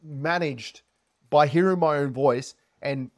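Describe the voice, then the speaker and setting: A man's voice: a little high, slow pace. A man coaching on sales, talking to camera with lots of inflection and energy. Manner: animated, heavy inflection, energetic. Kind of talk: casual advice talk to camera.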